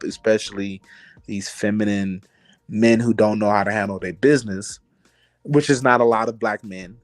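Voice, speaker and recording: A man's voice: on the low side, no echo. A man making earnest points on a panel chat, often repeating himself. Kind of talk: casual chat.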